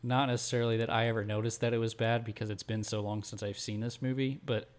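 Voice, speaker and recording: A man's voice: lowish voice, level tone, fast talker. A man in a casual podcast chat, hesitating with many ums before his picks. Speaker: podcast co-host.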